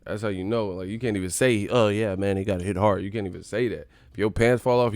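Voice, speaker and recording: A man with a Californian accent hosting a casual live stream, loud and joking, swearing and laughing a lot. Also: low voice, steady tone, fast, few pauses, no echo.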